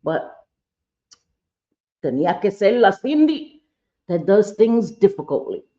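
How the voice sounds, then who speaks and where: A woman's voice: mid-range voice, sing-song, unhurried, warm tone, highs cut off. A woman chatting candidly and playfully through a makeup tutorial, with sassy asides, recorded at home. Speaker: makeup vlogger. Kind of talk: casual makeup tutorial chat.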